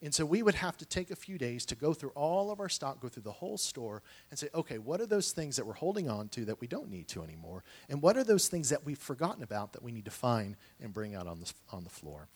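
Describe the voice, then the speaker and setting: A man's voice: medium pitch, sing-song, quick pace, few pauses. A man telling personal stories in a sermon, earnest and conversational, with frequent restarts and asides. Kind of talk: sermon storytelling.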